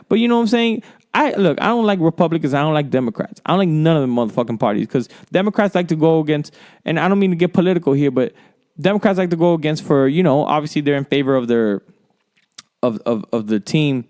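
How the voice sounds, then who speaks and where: A man's voice: fairly high pitch, darkish tone. A man hosting a solo sports podcast, ranting in a rambling, profane and heated way. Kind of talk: solo sports commentary rant.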